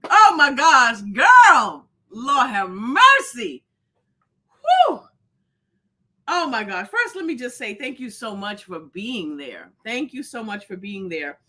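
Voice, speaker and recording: A woman's voice: on the high side, big pitch swings, slow pace, bright, forceful tone. A woman hosting a live stream in casual chat, effusive and rambling, greeting viewers by name. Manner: rambling, many fillers and restarts. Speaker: host of a live show.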